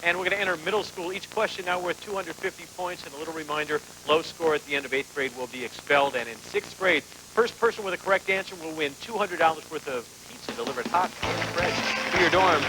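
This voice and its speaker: High-voiced male game show host. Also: brisk, bright, forceful tone, soft background music, low-quality recording. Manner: jokey, teasing banter with contestants. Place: TV studio.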